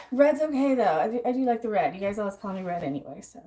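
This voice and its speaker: A woman with a medium-pitched, darkish voice speaks expressively and a bit quickly while hosting a casual cooking livestream. She keeps up a chatty flow, answering viewers and walking herself through each step of the cooking. She gets out of breath at times.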